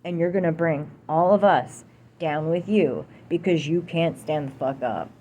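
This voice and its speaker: A woman's voice: sits low, unhurried, warm tone, slight background noise. Angry profane woman ranting to camera. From United States. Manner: heated, profane, repetitive, emphatic. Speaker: vlogger. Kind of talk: angry political rant to camera.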